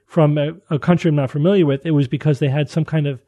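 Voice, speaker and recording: A man's voice: a little high, fairly even intonation, fast talker, warm tone, no echo, muffled recording. A man hosting a casual science chat, explaining findings at length with frequent restarts and fillers.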